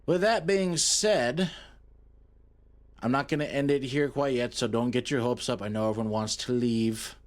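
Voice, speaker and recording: A man's voice: mid-range voice, moderate pace. A young man chatting casually to his live-stream audience, goofy and rambling while he fiddles with his setup.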